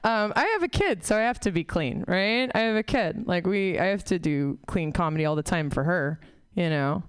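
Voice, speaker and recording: Stand-up woman, crude and self-deprecating, smooth, dry close sound. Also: fairly low pitch, expressive, normal speed, dry recording. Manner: profane, rambling, self-mocking. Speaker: stand-up comic. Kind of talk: stand-up set. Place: comedy club stage.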